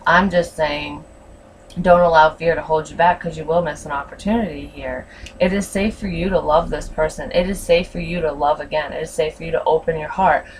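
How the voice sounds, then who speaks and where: Frank tarot reader, a woman with a lowish voice, a bit off-mic with faint hiss. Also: fairly even intonation, brisk, recorded from a distance. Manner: blunt and frank, swears freely. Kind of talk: casual tarot reading.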